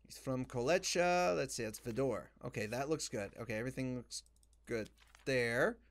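A man's voice: mid-range voice, normal speed. A young man giving let's play commentary, muttering as he reads documents aloud. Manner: muttering while reading game documents aloud. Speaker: gamer.

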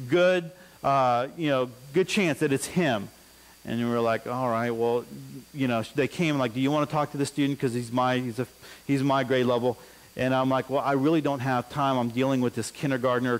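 A man's voice: mid-range voice, rough recording. A middle-aged man preaching a sermon, telling a school story and acting out the voices of the people in it. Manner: animated, acts out voices in anecdotes. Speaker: pastor.

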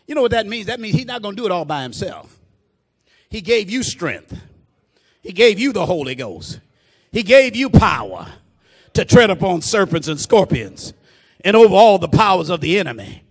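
A male preacher delivering a fervent sermon, calling out to the congregation, peppering his speech with praise and building into shouted, rhythmic refrains. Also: high voice, big pitch swings, moderate pace, long pauses, husky. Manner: fervent, call-and-response preaching.

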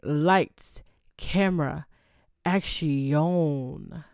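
A woman's voice: low voice, very slow, a little mellow, smooth, no room sound, clean studio sound. A young adult woman hosting her own podcast in a casual, chatty way, often adding "okay?" to her points. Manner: chatty, adds "okay?" tag questions. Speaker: podcast host. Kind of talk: casual solo podcast chat.

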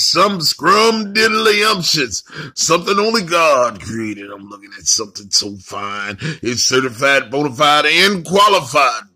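A man gushes flirtatious rhymes in a very bright, raspy voice. He sits a bit high and swoops lively up and down. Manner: playful, sing-song rhyming compliments. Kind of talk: comic flirting monologue.

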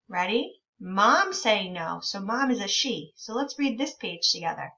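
A woman teacher leading a reading lesson for young children, encouraging them and reading words out very slowly. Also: a little high, animated, bright, forceful tone, distant mic. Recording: dull lo-fi sound from a bit away from the mic.

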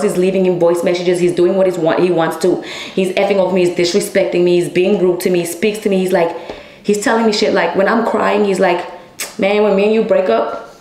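A woman's voice: mid-range voice, darkish tone. Blunt swearing woman telling a story. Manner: blunt, heavy swearing, addresses viewers as y'all. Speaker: storyteller vlogger. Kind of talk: casual storytime monologue. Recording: echoey room.

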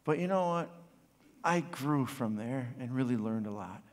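A pastor in his forties preaching a sermon, swinging from loud passionate bursts to quiet, reflective storytelling. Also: medium pitch, expressive, normal speed. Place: church sanctuary. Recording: long hall reverb.

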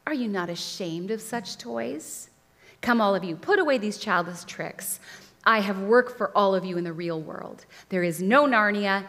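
A woman's voice: medium pitch, a bit bright, lightly acted. A woman voicing a scornful enchantress witch queen who mocks and then commands, read aloud in a hall. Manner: mocking, coaxing, then commanding. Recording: long hall reverb.

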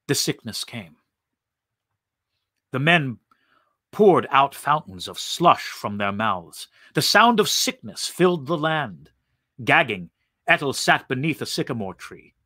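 A man reads a story aloud, slow and expressive, his pitch moving a lot. His tone is bright and a little high, and the sound is dry and close. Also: no room sound. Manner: slow, expressive, vivid narration. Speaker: actor reading aloud. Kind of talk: dramatic story reading.

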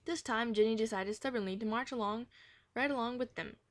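A woman reading a children's chapter book aloud in a gentle manner, now and then correcting herself. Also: a little high, a little fast. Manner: gentle, with occasional self-corrections. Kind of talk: storybook read-aloud.

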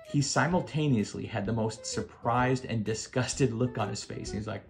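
A man's voice: mid-range voice, moderate pace, darkish tone, faint music behind. An American man in his fifties, a former Marine, telling a casual anecdote with wry asides to the listener. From United States.

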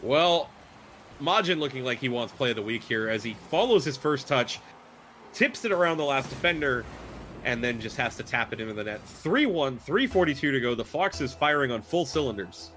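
Guy casting esports, steady analytical play by play, faint background hum. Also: medium pitch. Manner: measured, analytical breakdown of plays. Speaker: esports caster. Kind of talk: play-by-play commentary.

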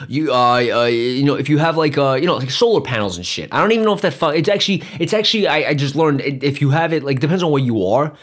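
Fast ranting dude on a podcast, lots of swearing, sarcastic, keeps wandering off topic. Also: male voice, a little high, lively intonation. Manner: profane, rambling, sarcastic, jumps between mock voices. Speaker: podcast host. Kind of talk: ranting monologue.

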